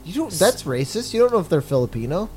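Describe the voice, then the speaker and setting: A man's voice: sits high, big pitch swings, fast talker, a little mellow, a little hiss or hum. A man playing in a tabletop game, joking and teasing the other players.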